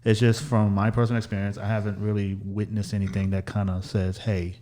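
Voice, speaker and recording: Low-voiced halting podcast host, man. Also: little pitch movement, warm tone. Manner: halting, many restarts. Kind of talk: casual chat.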